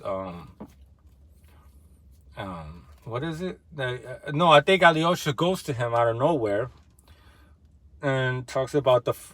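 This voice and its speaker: A man's voice: mid-range voice, fairly bright tone, no room sound. A young man casually retelling a novel, loose and slangy, with lots of fillers and some swearing. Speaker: book discussion vlogger.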